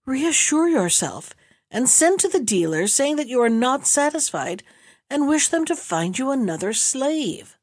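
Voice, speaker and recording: A woman's voice: high-pitched, sing-song, a little slow, darkish tone, dry recording, studio quality, pitched above the performer's own voice, heavily acted. A woman reading an earnest vizier's wife. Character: worried noble wife of a vizier, motherly.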